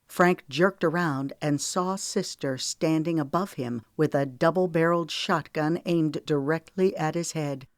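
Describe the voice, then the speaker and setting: Woman audiobook narrator, lowish voice, dry close sound. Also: unhurried, few pauses, no room sound. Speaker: author reading her novel.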